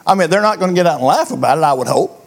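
Man, high-pitched voice, preacher, church sermon, earnest, repeats words. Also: expressive, rapid-fire, creaky.

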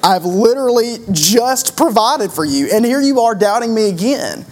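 Fields: Figure: an exasperated, weary God put on by a preacher. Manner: low, muttered disbelief. Style: acted aside in a sermon. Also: lively intonation, moderate pace, darkish tone, close to an everyday voice.

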